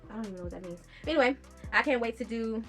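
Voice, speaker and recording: A woman vlogger telling a personal story straight to her viewers, blunt and profane, with animated indignation. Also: fairly high pitch, very fast, faint music behind. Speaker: YouTube vlogger. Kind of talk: casual storytime vlog.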